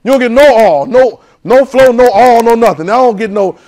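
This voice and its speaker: A man preaching a sermon in call-and-response, swinging from loud urging to soft, hushed lines. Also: very high-pitched, moderate pace. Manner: swings from loud exhortation to soft near-whispers.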